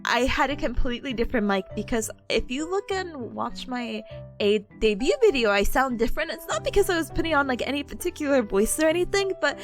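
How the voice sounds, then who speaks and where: A woman's voice: sits high, expressive, fairly quick, faint music behind. A young woman streaming as a VTuber, chatting casually with her chat, giggly and bubbly, talking with a smile.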